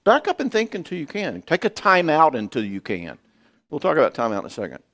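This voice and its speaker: Animated older man giving a marriage seminar. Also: a little high, brisk. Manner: animated, folksy, acts out dialogue. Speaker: psychologist and speaker.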